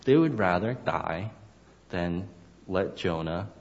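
A man delivers a sermon, pausing to explain Hebrew words and raising his voice for the characters' lines. His voice sits a little low. The recording is dull and lo-fi, with a long reverb trailing off the walls of a large hall. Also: animated, creaky. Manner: expository, explains Hebrew words, acts out dialogue. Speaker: preacher.

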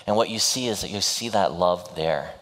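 A male pastor preaching a sermon, retelling a story in a halting, storytelling way with restarts. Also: deep voice, a bit bright, in a large hall.

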